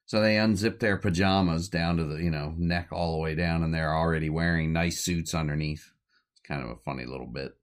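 A man's voice: very deep voice, brisk. A man hosting a podcast, retelling an old comedy short in a loose, rambling way and chuckling as he goes. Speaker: podcast host. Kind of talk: casual film recap.

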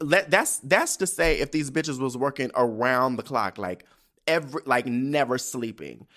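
A lowish-voiced man hosting a podcast. He talks in a sassy, animated way and swears freely. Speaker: podcast host. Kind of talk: casual commentary.

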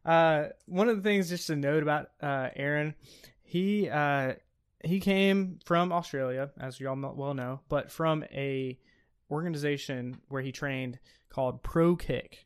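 A young man co-hosts a casual sports podcast, chatty and enthusiastic, with lots of ums and uhs. His voice is fairly high, clear, and resonant, and he speaks a little slowly.

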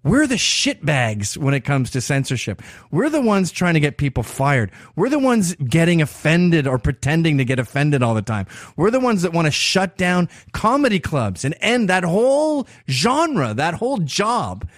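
A man's voice: a little high, sing-song, normal speed, no room sound. A man hosting a podcast, delivering a profane, provocative and sarcastic opinion monologue into a close mic. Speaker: podcast host.

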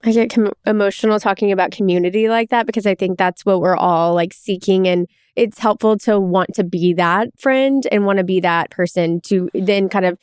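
A woman's voice: mid-range voice, normal speed, few pauses, darkish tone, clean tone, no room sound, clean studio sound. A woman co-hosting a podcast who responds in a heartfelt, affirming way. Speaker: podcast co-host. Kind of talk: conversational interview.

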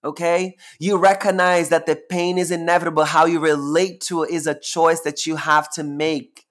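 A man's voice: fairly high pitch, flat delivery, moderate pace, fairly bright tone. A man hosting a live-streamed solo talk as a spiritual teacher, sassy and emphatic, preaching and repeating phrases for emphasis. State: close to tears at times.

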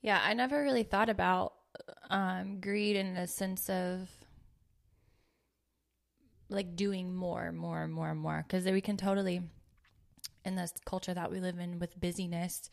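A woman's voice: on the low side, steady tone, measured pace, gravelly, pauses often. A woman in her thirties hosting a casual faith podcast, earnest and playful, sometimes reading scripture aloud. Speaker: podcast host.

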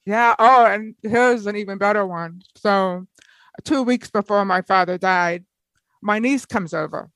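Animated woman telling family stories. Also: medium pitch, measured pace, dry recording, low-quality recording. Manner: animated, lively storyteller, laughs often. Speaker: guest. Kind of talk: personal storytelling in conversation.

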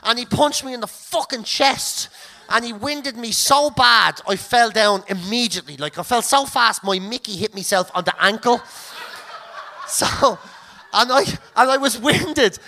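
An Irish man hosting a podcast, telling a comic story in a sweary, laughing, animated way. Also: very high voice, measured pace, gravelly. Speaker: comedian podcast host.

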